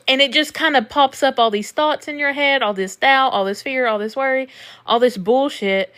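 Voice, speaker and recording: A woman's voice: a little high, brisk, a bit bright. A young woman coaching viewers through a live stream in a chatty, reassuring way, swearing now and then. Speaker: manifestation coach.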